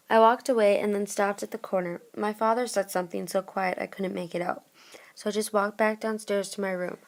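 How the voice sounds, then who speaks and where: A woman's voice: medium pitch, fairly even intonation, brisk. A woman casually retelling a story in first person, in a plain reading manner.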